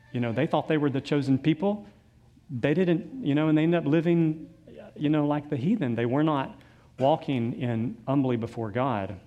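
Male pastor, mid-pitched voice, sermon with scripture readings and chatty asides. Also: dark tone, muffled recording. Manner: reads scripture aloud, conversational asides with fillers.

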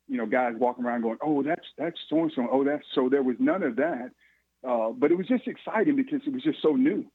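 A man, a former football player telling animated stories in an interview, chuckling often. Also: mid-range voice, slightly rough, no room sound. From Georgia, USA. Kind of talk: storytelling interview. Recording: phone-like line, dry.

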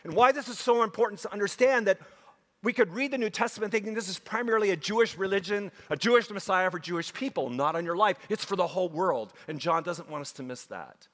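A man preaching a sermon to a congregation, emphatic and animated, with frequent asides to his listeners. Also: high-pitched, fast. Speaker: pastor. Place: church sanctuary. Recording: long hall reverb.

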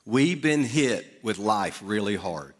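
A man's voice: fairly low pitch, expressive, takes it slowly. A middle-aged man preaching in a church, telling a personal story conversationally with asides to the congregation. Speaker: pastor. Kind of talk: storytelling sermon. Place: church sanctuary. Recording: long hall reverb.

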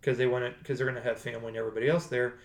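Man, mid-pitch, casual rambly co-host, roomy echo on the track. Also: level tone, racing. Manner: rambling, self-correcting. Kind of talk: casual chat.

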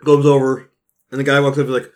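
A man's voice: medium pitch, completely flat delivery, brisk, darkish tone. A man running a tabletop role-play game as game master, describing scenes casually and dryly.

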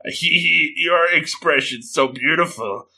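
A man voicing a sadistic, hungry ghoul woman who talks slowly with sweet menace. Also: on the high side, bright, forceful tone, voice pushed up, exaggerated voice. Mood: creepy. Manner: slow, breathy-sweet menace.

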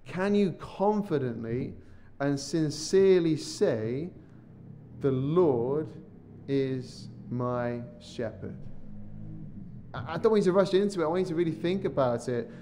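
Pastor guy preaching a podcast sermon, earnest, slows way down and goes quiet on the big lines, voice sits a bit high. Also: lively intonation, slight background noise. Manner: earnest, slows down and drops his voice on key phrases; repeats words when starting a sentence. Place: church or studio, podcast recording.

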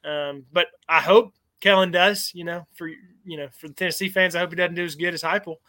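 Hesitant guest, dry sound. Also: male voice, high-pitched, steady tone, brisk, bright, forceful tone, dry recording. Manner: hesitant, lots of fillers and restarts. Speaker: podcast guest, former college player. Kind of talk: casual sports podcast chat.

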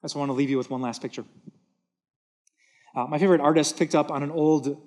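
A man's voice: fairly high pitch, fairly even intonation, fast, darkish tone. A man preaching a sermon from a church stage, earnest and emphatic, repeating words for stress. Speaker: pastor.

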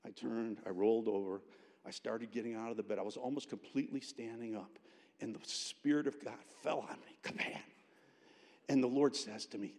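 A man preaching a chapel sermon, telling a personal story in an animated way with frequent restarts. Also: medium pitch, brisk. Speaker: pastor, guest chapel speaker. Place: college chapel. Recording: long chapel reverb.

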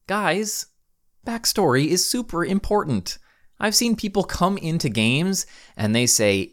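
A man's voice: sits high, sing-song, measured pace. A man hosting a podcast and giving tabletop game advice in a chatty, upbeat monologue, with casual slang and frequent ums. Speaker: podcast host and game master.

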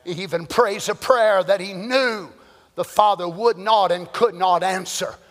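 A male preacher giving an impassioned sermon, swinging between shouted lines and hushed ones. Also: sits high, a little slow. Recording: long hall reverb.

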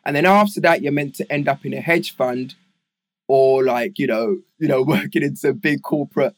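In a casual interview, a middle-aged English guest with a London accent rambles through his life stories, lively and filler-heavy. His voice is mid-range, his pace normal, with no echo.

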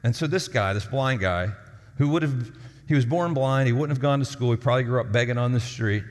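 A man's voice: medium pitch, brisk. A man preaching a sermon as lead pastor, talking in a conversational, storytelling way and acting out the people in his stories. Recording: long hall reverb.

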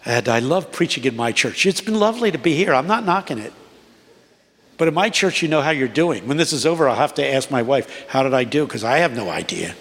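A man in his eighties preaching a sermon to a congregation, with a rhythmic cadence that climbs to high, emphatic peaks. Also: expressive, fairly quick, fairly bright tone. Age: 80s. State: unwell. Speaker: guest preacher. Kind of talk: sermon with storytelling. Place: large church. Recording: long reverb of a large church.

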